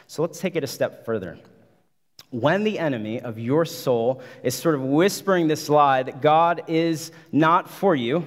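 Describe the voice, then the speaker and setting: A man's voice: on the high side, a little slow. Emphatic male preacher in a reverberant hall. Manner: emphatic, repeats phrases, builds intensity. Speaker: pastor. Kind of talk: sermon.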